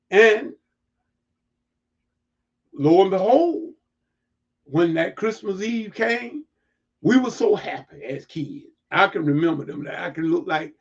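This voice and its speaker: A man preaching reflectively to an online audience, emphatic and repeating words as he builds to near-shouts. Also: on the high side, muffled recording. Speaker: livestream preacher.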